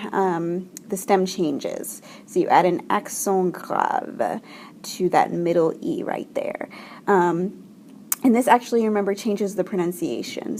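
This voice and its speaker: A woman teaching a French grammar lesson, explaining slowly and clearly with frequent fillers. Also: medium pitch, a little mellow, slight background noise. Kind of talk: recorded classroom lesson.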